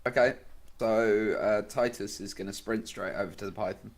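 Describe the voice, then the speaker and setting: A man's voice: fairly low pitch, fairly even intonation, normal speed. A man playing in a tabletop game, eager and full of questions. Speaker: tabletop player. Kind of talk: casual tabletop role-play.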